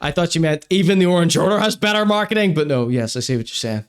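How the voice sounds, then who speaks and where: Ranting man, slightly high voice. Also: animated, fast, clean tone. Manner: crude mock-serious ranting with exaggerated apologies. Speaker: podcast host. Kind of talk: live-streamed comedy rant and chat reading.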